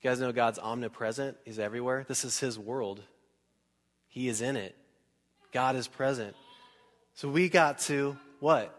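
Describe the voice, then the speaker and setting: A male pastor preaches in a relaxed, chatty way, firing questions at the congregation and slipping into quick acted bits. His pitch sits at a middling level. His voice carries through a large church hall with a long trailing reverb. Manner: conversational and animated, asks the crowd questions, acts out scenes. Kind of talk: sermon.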